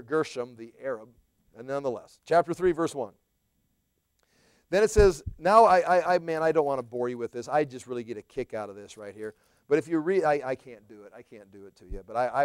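A man's voice: fairly high pitch, a little mellow, clear, resonant tone, no room sound, clean studio sound. A man teaching a Bible study in a chatty, conversational way, with playful asides to his class.

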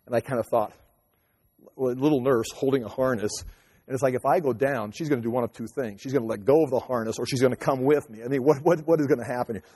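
A man in his fifties telling a personal story casually, rambling with many halting restarts. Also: mid-range voice, a little mellow, husky. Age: 50s. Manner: rambling, halting restarts, acts out voices in quotes. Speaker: teacher and speaker. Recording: long hall reverb.

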